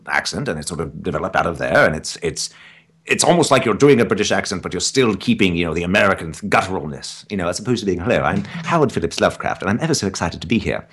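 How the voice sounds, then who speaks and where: A man talking as a guest in a casual interview, with a somewhat low voice. His pitch swings widely as he gets animated. He is chatty and self-deprecating. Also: husky. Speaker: guest, stage actor.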